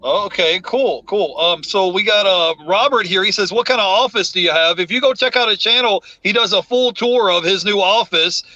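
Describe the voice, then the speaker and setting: A man's voice: high voice, moderate pace, hardly any pauses, bright, forceful tone, lo-fi sound. A man hosting a live stream, reading viewer comments aloud in a laid-back way. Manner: reads chat messages aloud, laid-back.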